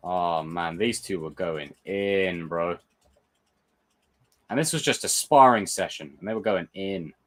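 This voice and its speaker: A young man hosting a live chat, excitable and swearing, answering viewer comments. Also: low-pitched, measured pace. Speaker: livestream host reviewing a TV episode. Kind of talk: casual live reaction chat.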